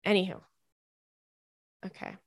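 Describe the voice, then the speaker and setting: A woman's voice: measured pace, dry recording, clean studio sound. A woman in her thirties hosting a podcast, chatting casually and reading listener emails, with rambling asides and plenty of swearing. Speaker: podcast host.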